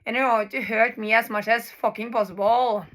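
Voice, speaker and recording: A Norwegian woman in her thirties, a native speaker from Norway, vlogs a personal monologue in a fairly high voice at a moderate pace with fairly even intonation. She is emphatic and profane, repeats herself and uses frequent filler sounds.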